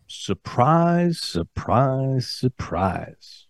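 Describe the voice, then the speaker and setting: A man's voice: medium pitch, moderate pace, no echo. A man hosting a political talk radio show, delivering an emphatic, sarcastic monologue. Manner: emphatic, sarcastic, builds to punchy declarations.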